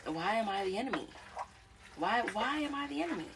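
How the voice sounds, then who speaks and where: A woman's voice: on the high side, animated, a little fast, background noise. Impassioned woman talking from the mic's distance. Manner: impassioned, addresses listener directly, repeats herself. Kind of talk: emotional personal monologue.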